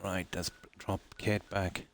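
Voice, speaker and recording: An Irish man with a notably low, deep voice talks to his live-stream viewers while he plays. He rambles casually, circling back with frequent ums and restarts. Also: flat delivery, slow, fairly bright tone, slight background noise.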